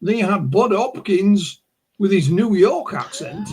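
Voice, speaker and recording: A man's voice: high voice, huge pitch swings, a little slow, a little mellow, husky. A man from the north of England with a northern English accent, an author answering interview questions in an anecdotal way. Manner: anecdotal, with repeated "you know" and restarts.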